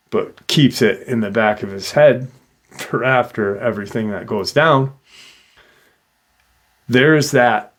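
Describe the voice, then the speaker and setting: A man hosting a paranormal channel, casually retelling a witness's encounter with loose fillers. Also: medium pitch.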